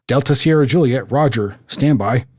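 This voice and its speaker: A man reading an air traffic controller's lines from a transcript, brisk and procedural. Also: medium pitch, darkish tone, no echo, clean studio sound, lightly acted.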